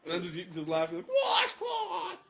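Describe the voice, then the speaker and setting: A young man co-hosting a casual chat, animated and prone to loud yelling while he tells stories. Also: on the high side, a little fast. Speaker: podcast co-host. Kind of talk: casual chat among friends.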